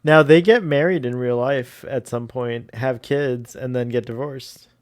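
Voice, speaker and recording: A man's voice: medium pitch, unhurried, dry recording, studio quality. A man chatting casually as a guest on a fan commentary podcast, rambling and laughing often.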